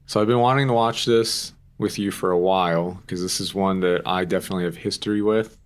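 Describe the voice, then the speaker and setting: A young man with a lowish voice talks through a podcast in loose, easy chat. He rambles and fills his sentences with "like" and the odd swear word. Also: steady tone, fairly quick. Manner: chatty, rambling, with frequent "like" and casual swearing. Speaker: podcast co-host. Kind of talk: casual chat.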